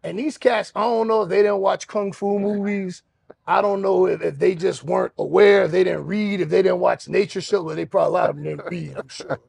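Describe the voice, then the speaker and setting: A man hosting a podcast, telling a story in an animated way and acting out other people's voices. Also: high-pitched, a little fast, creaky, breathy edge, dry recording. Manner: acts out other voices, shouting and laughing. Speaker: podcast host.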